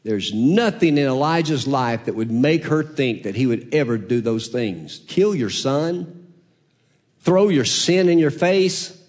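A male pastor preaching a sermon, moving from hushed, drawn-out lines to loud, rising exclamations. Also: medium pitch, animated.

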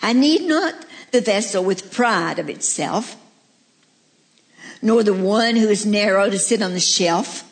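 A gentle, loving master who chooses the humble broken vessel, voiced by a woman preacher. She reads the part slowly and tenderly. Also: mid-range voice, animated.

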